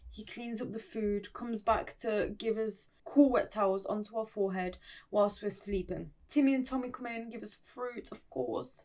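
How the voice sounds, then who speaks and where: A woman's voice: medium pitch, a little mellow. A young woman in a casual, playful recap of an online story, chatty and laughing often, with dramatic asides.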